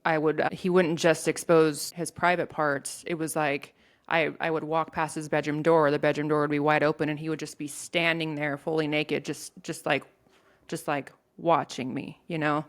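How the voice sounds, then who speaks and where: A woman telling a painful personal story in an interview, in a halting way with many restarts. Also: low voice, flat delivery. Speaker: guest sharing her story.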